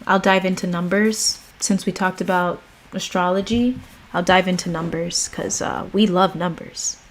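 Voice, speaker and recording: An American woman hosting a livestream, chatting casually and reading a meditation aloud. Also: on the low side. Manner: relaxed, chatty, slow and drawn out. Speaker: livestream host.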